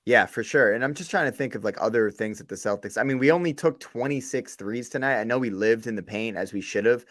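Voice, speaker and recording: A man's voice: mid-range voice, quick pace, fairly bright tone, no room sound, clean studio sound. A young man co-hosting a sports podcast, casual and slangy, exasperated about the team. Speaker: podcast co-host.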